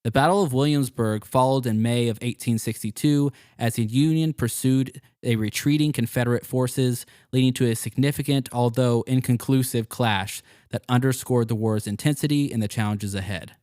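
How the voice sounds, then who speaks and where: A man's voice: medium pitch, moderate pace, hardly any pauses, darkish tone, no echo, clean studio sound. A man hosting a casual history podcast, reading out narration and joking with his co-host. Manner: laughs easily, joking.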